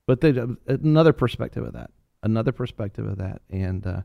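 A man co-hosting a faith talk show, rambling along with jokes and constant restarts. His voice sits at an everyday middle pitch and sounds dry, with no room echo. He tells his stories with animated energy. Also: fairly quick, gravelly, highs cut off. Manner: rambling, jokey, many fillers and restarts; animated storytelling. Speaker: co-host. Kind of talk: Christian talk show chat.

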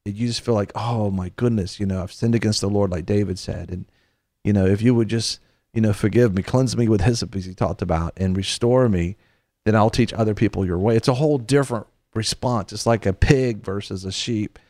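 A man hosts a Christian show, preaching conversationally in a lowish, mellow voice at a fairly quick pace with no room sound. He tells stories, quotes scripture, often repeats his phrases, and leads listeners in prayer.

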